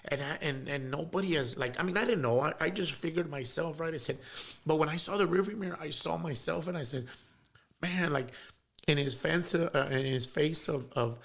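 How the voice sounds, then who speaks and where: A man's voice: a little high, a little fast, vocal fry, fairly bright tone. A man, telling a heartfelt story as an interview guest, rambling with many fillers and bits of Spanish slang. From South Texas.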